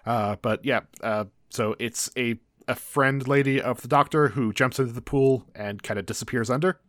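A laid-back man recapping scenes with wry humor in a casual co-host chat. His voice has a middle pitch and sounds dry and close, with no room around it. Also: moderate pace, fairly bright tone, no room sound. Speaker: podcast co-host.

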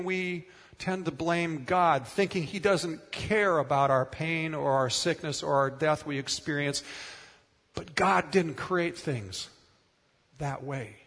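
A man's voice: a little high, fairly bright tone, in a large hall. A middle-aged man preaching a sermon as pastor, earnest and emphatic, repeating words for stress.

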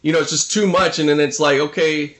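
A man in casual podcast chat, rambling and halting, often trailing off mid-thought. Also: a little high, steady tone, noisy background.

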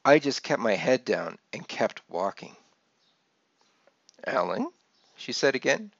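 A man reading aloud from his own memoir, gently telling a childhood story and brightening his tone for the people he quotes. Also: mid-range voice, animated, normal speed, gravelly, dry recording. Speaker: author reading his book. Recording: dull lo-fi dry recording.

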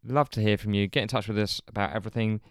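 A man's voice: lowish voice, steady tone, fast talker, smooth, no room sound, studio quality. A man from England co-hosting a podcast in laid-back casual chat. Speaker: podcast co-host.

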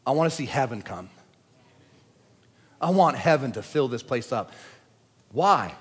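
A man preaching a sermon at a church service, talking in casual slang and swinging between shouting and quiet asides. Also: medium pitch, animated, a little slow, breathy edge. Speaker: pastor. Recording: long church hall reverb.

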